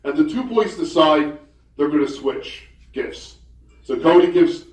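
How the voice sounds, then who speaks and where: Man in his 60s, stand-up storyteller, fairly high voice, echoey banquet hall, heard from far off. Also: measured pace. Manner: chatty, hesitant, deadpan punchlines. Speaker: comedian at a banquet.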